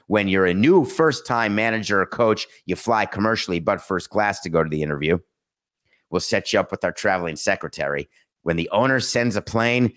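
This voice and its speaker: Sarcastic low-voiced male sports host. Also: a bit bright. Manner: sarcastic, mocking, theatrical asides. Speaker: sports talk podcast host. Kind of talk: casual sports commentary.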